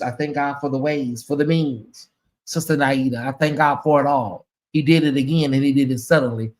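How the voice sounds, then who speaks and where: A man hosting a casual livestream, talking straight to his viewers in a sassy, animated way, thanking supporters and teasing his critics. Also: fairly high pitch. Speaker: livestream host.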